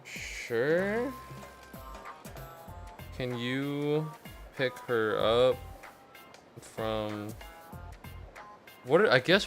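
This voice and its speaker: A young man streaming a game in casual chat, ranting and swearing with loud exasperated outbursts. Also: medium pitch, animated, extremely slow, long pauses, faint music behind.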